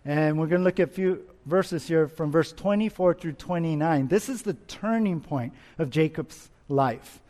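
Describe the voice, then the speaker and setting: High-voiced man preaching in a reverberant hall. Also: normal speed, hardly any pauses, dark tone. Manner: earnest, asks rhetorical questions, repeats himself. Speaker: pastor. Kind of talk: expository sermon.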